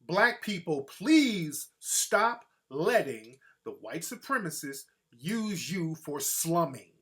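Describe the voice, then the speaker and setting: A man with a fairly high voice hosts loose, profane opinion commentary, very animated and a bit bright. He keeps breaking into quick, mocking impressions of other people.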